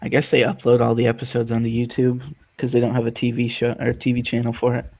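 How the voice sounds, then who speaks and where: A man's voice: mid-range voice, completely flat delivery, fast, a little mellow. A young man chatting casually in an online lobby, making crude jokes and swearing. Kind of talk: casual chat.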